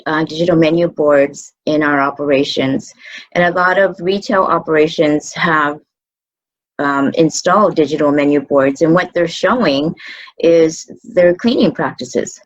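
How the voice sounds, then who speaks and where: A woman speaking as a food service manager in an interview, measured and thoughtful, with frequent fillers and restarts. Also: deep voice, dull audio. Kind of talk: video interview answers.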